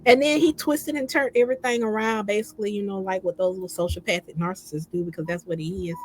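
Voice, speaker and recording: Speaking fast in a mid-range voice, a woman tells a story about herself in a casual chat. She's animated, going back over phrases and acting out what she said.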